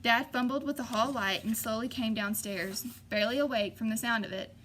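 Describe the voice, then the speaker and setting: A woman's voice: a little high, fairly even intonation, fairly quick, fairly bright tone, a little hiss or hum. A woman narrating a novel in the first person, voicing the characters lightly. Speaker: audiobook reader.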